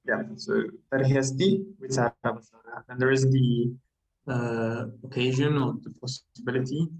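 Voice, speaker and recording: A man translating a text aloud as a student in a seminar, halting and tentative, with many fillers. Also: mid-range voice, little pitch movement, a little mellow, distant mic, rough recording.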